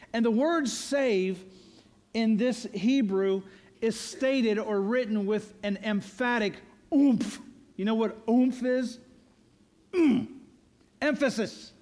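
A male pastor delivering a sermon in a church, earnest and emphatic, repeating his key lines for weight. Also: high-pitched.

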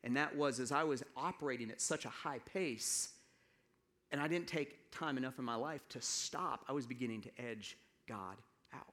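A pastor from the American South preaching a sermon, telling a personal story in a relaxed, conversational way with halting restarts and asides to the congregation. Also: male voice, fairly high pitch.

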